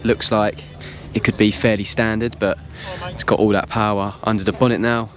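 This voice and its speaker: Wandering through an open-air car show, a man keeps up a loose, informal running commentary full of slang and enthusiasm. His voice is lowish and somewhat strained, and his delivery comes out flat at a moderate pace.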